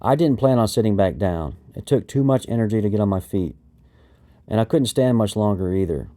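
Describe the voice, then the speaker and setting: Low, mellow male memoir narrator. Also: animated, a little fast. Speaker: audiobook narrator. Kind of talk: first-person memoir narration.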